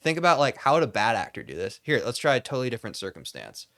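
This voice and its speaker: A man's voice: mid-range voice, huge pitch swings, quick pace, pushed and bright. Rambling mock-pompous man. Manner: mock-pompous, rambling, demonstrates overwrought acting bits. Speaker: comedy YouTuber. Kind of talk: satirical monologue to camera.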